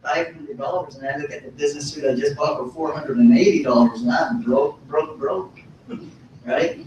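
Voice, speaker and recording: Man telling his story in a booming hall. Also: moderate pace, muffled recording. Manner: animated, folksy, punchy repetition. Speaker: motivational business speaker. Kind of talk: motivational storytelling speech. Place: hotel ballroom. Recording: echoey hall from far off, faint rumble.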